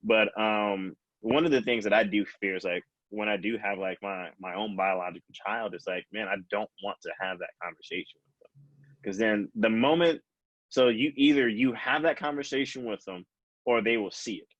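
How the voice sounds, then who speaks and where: A man's voice: on the low side, fairly even intonation, moderate pace, fairly bright tone, no room sound, dull audio. A young man hosting a casual podcast chat, talking earnestly and reflectively with frequent restarts. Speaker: podcast host.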